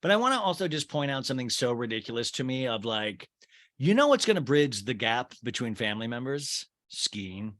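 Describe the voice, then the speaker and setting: Animated chatty man hosting a podcast. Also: medium pitch, a little fast. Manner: chatty, sarcastic, addresses listeners as "you guys". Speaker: podcast host. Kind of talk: casual recap commentary.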